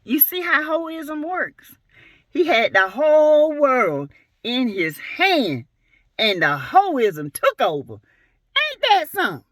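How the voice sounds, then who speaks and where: A woman from South Carolina talks through reality TV gossip with blunt, sassy commentary. Her bright, lively voice leaps up and down in playful exclamations. The recording is dry and close. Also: high-pitched, slow, no echo.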